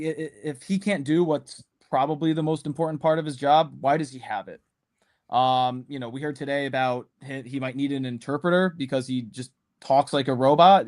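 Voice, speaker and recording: A man in a casual sports podcast, rambling through his views and leaning on "um" and "you know" between thoughts. His voice sits in a plain middle range, neither high nor low. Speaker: podcast panelist.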